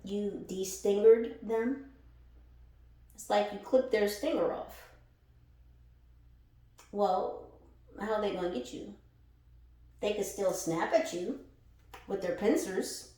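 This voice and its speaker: A woman with a mid-range, dark-toned voice speaks slowly, leaving long pauses. She's a spiritual tarot reader giving her followers a casual reading, blunt and full of profanity, laughing often as she goes. The room echoes and she sits far from the mic.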